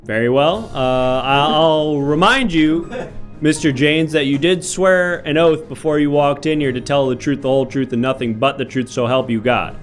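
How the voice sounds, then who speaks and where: A man hosting an improv comedy livestream as a mock-formal judge, thanking viewers and questioning defendants, with a somewhat high voice over soft music. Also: moderate pace. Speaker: host playing a judge.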